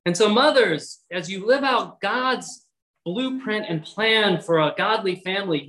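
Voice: mid-range voice, animated, unhurried, fairly bright tone, poor audio. A pastor preaching a sermon, reading scripture aloud and exhorting listeners earnestly with casual asides.

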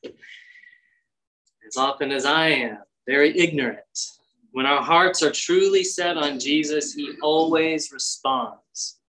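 A man's voice: fairly high pitch, takes it slowly, a bit bright, poor audio. A man preaching a devotional sermon in an earnest, prayerful way, acting out quoted lines with lifted energy.

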